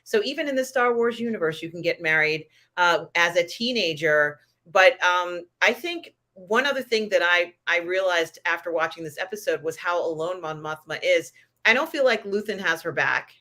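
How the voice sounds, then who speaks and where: Woman, lowish pitch, bright crisp tone, measured pop culture co-host. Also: animated. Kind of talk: casual pop culture chat.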